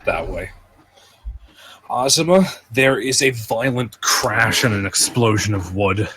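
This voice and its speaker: A man running a tabletop game as game master, giving calm, matter-of-fact rulings. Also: lowish voice, slow pace, slightly rough, no room sound, rough recording.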